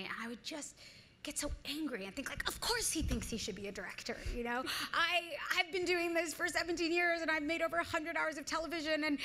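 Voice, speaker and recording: A woman in her thirties being interviewed on a live event stage, telling stories in an earnest, animated way with frequent restarts. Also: on the high side. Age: 30s. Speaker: guest actress. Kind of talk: onstage interview conversation.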